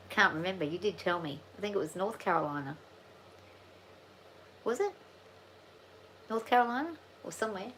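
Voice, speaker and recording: A woman's voice: medium pitch, animated, moderate pace, long pauses, a bit bright, a little hiss or hum, low-quality recording. Rambling, chatty Australian woman. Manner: rambling, chatty, thinks aloud with many restarts. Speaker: farm channel vlogger. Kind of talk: casual live chat with viewers.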